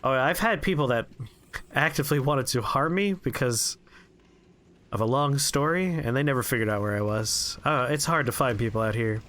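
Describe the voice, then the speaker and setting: A man streaming a game, rambling through profane, relaxed anecdotes as he plays. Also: medium pitch, normal speed, slight background noise. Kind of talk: casual gameplay commentary and storytelling.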